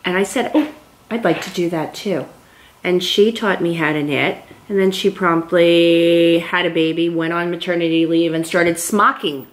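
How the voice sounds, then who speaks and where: Lower-pitched woman in her fifties. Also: fairly even intonation, moderate pace. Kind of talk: casual chat.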